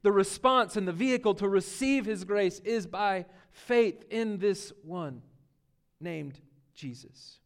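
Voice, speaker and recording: Male pastor, higher voice, casual preaching style with quiet asides and strong emphasis. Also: slow pace. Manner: conversational preaching, shifts from soft to emphatic. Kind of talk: sermon.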